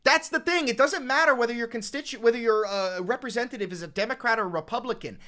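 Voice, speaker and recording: A man's voice: very high voice, quick pace, bright, forceful tone, a little hiss or hum. A man hosting a reaction video, cursing often and ranting with heated passion. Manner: profane, impassioned ranting. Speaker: host.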